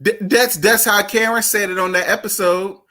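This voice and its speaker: Sassy bright-voiced man gossiping. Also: high-pitched, fairly even intonation, moderate pace. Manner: sassy, dramatic, repetitive. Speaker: gossip vlogger. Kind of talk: casual reality-TV gossip chat.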